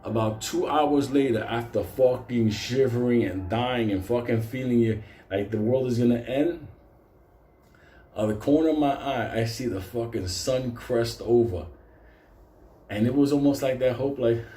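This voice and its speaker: A man telling a comic personal story in a casual, animated way, swearing constantly. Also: mid-range voice, moderate pace, reverberant. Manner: heavy swearing, animated retelling.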